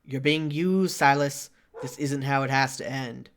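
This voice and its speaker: A man's voice: mid-range voice, a little slow, a bit bright, a little hiss or hum. A man voicing a grim, determined vampire man with an odd accent, growling intently, while reading a game aloud.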